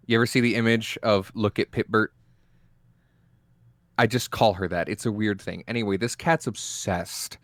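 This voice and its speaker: A man's voice: fairly low pitch, dry recording. A man telling a rambling, jokey story with casual swearing while chatting on a live stream. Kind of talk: casual chat.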